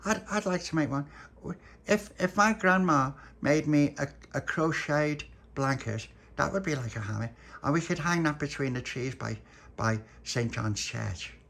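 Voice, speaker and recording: Man putting on an eager little girl, a bit higher, stumbly, bedtime story. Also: measured pace, vocal fry, a bit bright.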